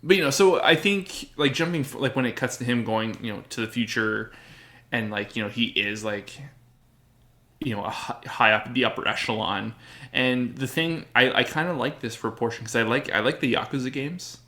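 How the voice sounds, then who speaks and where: A man's voice: mid-range voice, brisk, pushed and bright. A young man co-hosting a casual podcast chat, rambling with lots of filler words and frequent laughter. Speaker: podcast co-host.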